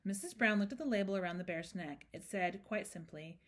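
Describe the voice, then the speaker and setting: A woman's voice: medium pitch, fairly quick. A woman hosting a storytime, reading a picture book aloud with chatty, playful asides. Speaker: storytime host.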